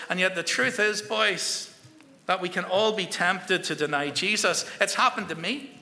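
A man's voice: high-pitched, moderate pace, pushed and bright. A man giving a Bible talk to schoolboys, telling the story and asking them questions. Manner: storytelling, asks the listeners questions. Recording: echoey hall with long reverb.

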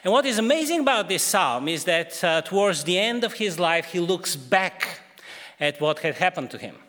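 A man's voice: sits high, sing-song, moderate pace, pushed and bright, in a large hall. A man preaching a sermon in a church, speaking hesitantly with many fillers.

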